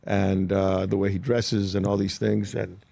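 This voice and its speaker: A man's voice: low-pitched, a little slow, creaky, dry recording. An older male actor, a guest on a studio talk show, telling stories and acting out the voices of the people in them. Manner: animated anecdotes, acts out quoted voices. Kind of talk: interview storytelling.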